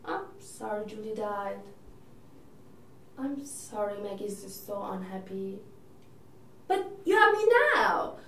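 A woman's voice: on the high side, expressive, slow, pauses often, a little hiss or hum. Woman playing a neurotic, doting older sister. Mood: fretful. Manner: rambling, self-absorbed and fretful. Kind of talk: audition monologue. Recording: echoey room, mic from a distance.

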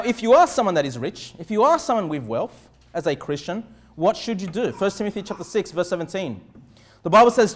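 A male pastor preaching a sermon in church, emphatic, with repeated phrases and rhetorical questions. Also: high voice. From Australia.

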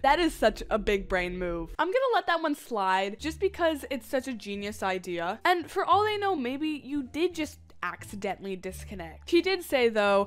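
A woman's voice: a little high, sing-song, moderate pace, few pauses. A young woman gaming YouTuber reading viewer confessions in a chatty, playful, teasing way. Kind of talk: casual gameplay commentary reading viewer confessions.

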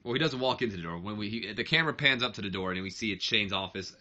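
Male let's-play narrator, casual and rambling, lowish pitch. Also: lively intonation, fast talker, pushed and bright, highs cut off. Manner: rambling, self-correcting. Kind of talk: casual commentary of a wrestling sim.

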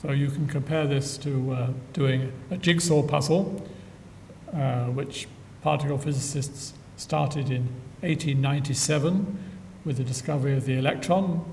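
An older man giving a public science lecture with dry humor and frequent filler pauses, recorded in a lecture hall from a distance. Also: fairly even intonation, a little mellow. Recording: echoey hall from far off, faint rumble.

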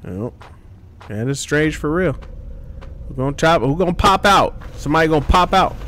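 A man giving loud, profane horror game commentary as a gaming streamer, trash-talking at the screen. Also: a little high, lively intonation, moderate pace, slight background noise.

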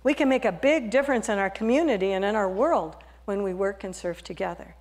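A woman's voice: mid-range voice, fairly quick, a little mellow. A woman pastor giving a sermon, earnest and conversational, telling a story with frequent restarts.

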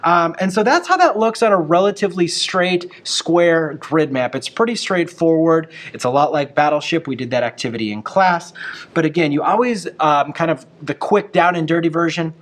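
A man teaching a geography lesson in a relaxed, folksy way, chatting through each step with small asides. His voice sits a little higher than most men's. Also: normal speed. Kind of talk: classroom map lesson.

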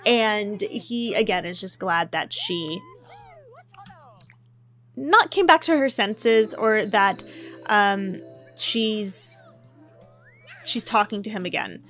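Slow-talking, chatty woman gamer. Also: medium pitch, faint music behind. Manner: chatty and excitable, with gasps and laughs. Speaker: gameplay commentator. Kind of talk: casual let's-play commentary.

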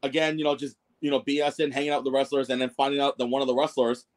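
A man guesting on a podcast tells the story of his time as a wrestling ring announcer, rambling and self-deprecating with many fillers and restarts. His medium-pitched voice is flat and rapid-fire in this casual storytelling interview.

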